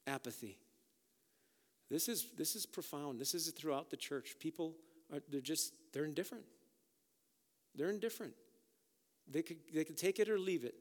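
A man preaching a sermon, energetic, swinging from loud urgent exhortation to quiet emphasis. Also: a little high. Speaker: pastor. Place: church sanctuary. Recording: long hall reverb with faint guitar behind. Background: soft guitar music.

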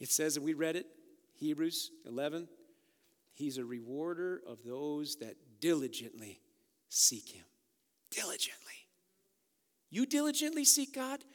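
Fiery high-voiced preacher in a reverberant hall. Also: male voice. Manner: energetic, swings from loud urgent exhortation to quiet emphasis. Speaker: pastor. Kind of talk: sermon. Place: church sanctuary. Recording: long hall reverb with faint guitar behind. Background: soft guitar music.

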